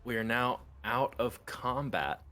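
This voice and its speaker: A man running a tabletop game as game master, narrating in a halting way with many fillers. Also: mid-range voice, expressive, sharp tone.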